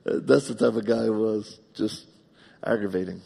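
A pastor delivers a live sermon in a church sanctuary, sharing personal stories with heartfelt feeling. His fairly low, husky voice carries gravelly fry and moves at normal speed, swinging from loud, emphatic bursts to hushed, confiding tones. A long hall reverb trails each phrase.

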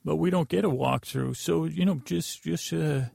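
A tired man hosting a podcast, with a creaky voice, in a rambling, self-deprecating bedtime monologue full of false starts. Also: a little high, normal speed, darkish tone, dry recording, clean studio sound. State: tired from lack of sleep. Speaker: podcast host.

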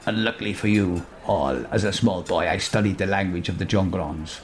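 A man voicing a learned male translator figure, speaking low, quiet and measured in a comic story. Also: close to an everyday voice. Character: learned grown male sailor-translator, calm and matter-of-fact.

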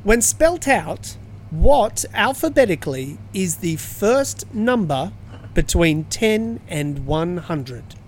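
Chatty male quiz host with a high, light voice, faint noise behind. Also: sing-song, slow pace. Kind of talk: casual chat.

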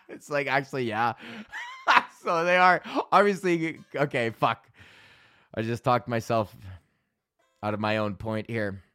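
A man in his thirties hosting a podcast, ranting casually and profanely, telling animated stories with lots of laughs. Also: mid-range voice, measured pace, pauses often, clear, resonant tone, no echo. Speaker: podcast host.

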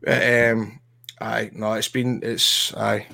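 A man's voice: on the low side, flat delivery, slow pace, gravelly, sharp tone. A man with a Scottish accent, a podcast guest chatting casually, rambling and repeating his words with enthusiasm. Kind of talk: casual chat.

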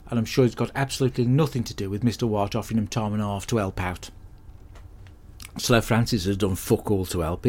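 Hapless crude bloke, played by a man, deadpan rambling monologue. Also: fairly low pitch, natural voice. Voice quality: deadpan, sweary, rambling storyteller. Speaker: comedy podcast character host. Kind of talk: scripted comic monologue.

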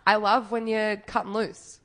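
A woman's voice: medium pitch, unhurried. A woman, chatting casually and swearing freely as a comedian co-host. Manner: animated storyteller, swears freely. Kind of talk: casual chat.

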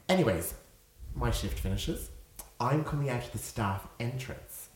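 A young man in his twenties, a podcast co-host, telling an animated story in casual chat, often laughing and acting out quotes. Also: mid-range voice, quick pace. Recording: echoey room with faint noise.

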